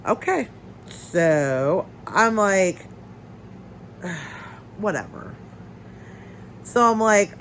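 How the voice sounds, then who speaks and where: A woman's voice: medium pitch, expressive, very slow, long pauses, a bit bright, a little hiss or hum, poor audio. A woman chatting casually at home, going off on a rambling rant, stuffy-nosed and coughing. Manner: rambling, ranting storyteller. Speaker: crafting channel host. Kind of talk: casual chat while crafting. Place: her home.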